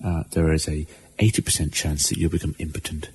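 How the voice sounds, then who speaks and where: A man's voice: extremely low pitch, little pitch movement, a little fast, a little mellow, slightly rough. A man co-hosting a comedy podcast, putting on a mock-serious doctor tone during improvised role-play. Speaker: podcast co-host.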